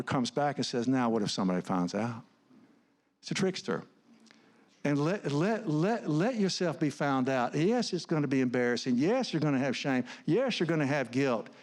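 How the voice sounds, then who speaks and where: A man's voice: fairly high pitch, darkish tone. A middle-aged man, giving an earnest, conversational sermon full of personal stories, often restarting his words. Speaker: guest speaker, counselor. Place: church stage.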